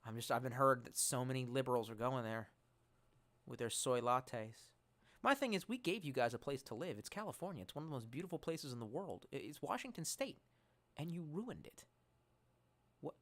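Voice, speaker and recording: A man streaming live and reading his chat, animated and profane, swinging between loud outbursts and mumbled asides. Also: mid-range voice, moderate pace.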